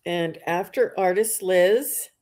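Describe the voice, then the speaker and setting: A woman's voice: lowish voice, slow pace, a little mellow. A woman hosting a live psychic reading stream, chatty and reading viewers' comments aloud.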